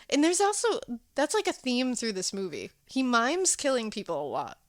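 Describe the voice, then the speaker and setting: A woman co-hosting a podcast in casual chat, telling the story with animated voices and frequent laughs. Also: on the high side, normal speed, few pauses, no room sound, studio quality. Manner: animated storytelling, acts out characters, laughs often. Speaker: podcast co-host.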